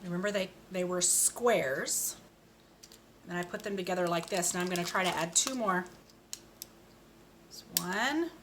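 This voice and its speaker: A woman's voice: fairly low pitch, background noise. Patient woman teaching speech sounds. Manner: slow, patient, exaggerated sound modeling. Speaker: speech therapist. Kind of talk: children's speech lesson.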